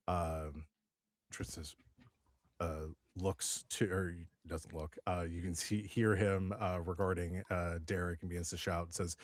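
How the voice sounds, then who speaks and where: A man's voice: low voice, level tone, unhurried, no echo, studio quality. A man narrating a tabletop role-playing game as game master, rambling with many fillers and restarts.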